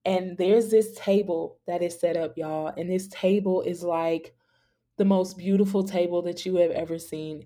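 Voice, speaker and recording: A woman's voice: lowish voice, steady tone, moderate pace, mellow. A young woman hosting a faith podcast, telling a dream story in an earnest, casual way, full of "like" and "y'all". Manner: earnest, many fillers like "like" and "y'all". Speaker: podcast host.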